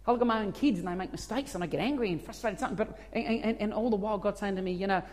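A man's voice: sits high, rapid-fire, hardly any pauses, a little mellow. A man preaching a sermon as a pastor, earnest and conversational, stumbling and restarting as he goes. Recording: long hall reverb.

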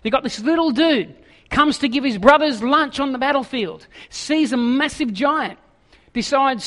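Animated preacher, high voice. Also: male voice, moderate pace, big-room sound. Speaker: pastor. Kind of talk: sermon.

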